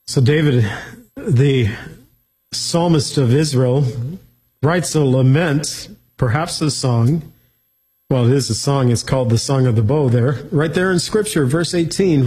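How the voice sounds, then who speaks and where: Bible teacher, male, slightly husky voice, reads the verses and then explains them simply. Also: medium pitch, darkish tone, low-quality recording. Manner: reads scripture aloud, then explains it plainly.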